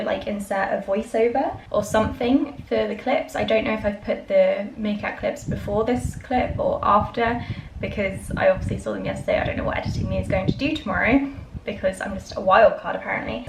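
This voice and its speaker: A young woman chats through her week in a casual reading vlog. Her voice has a gravelly fry at the ends of phrases. She leans on doubled words for emphasis, with faint noise in the room behind her. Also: medium pitch. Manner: chatty, says "really" twice for emphasis. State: unwell, a bit out of breath. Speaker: book vlogger.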